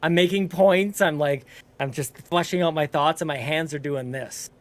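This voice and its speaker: A man's voice: fairly high pitch, moderate pace. A man hosting a gaming podcast, joking around in casual, playful banter with a co-host.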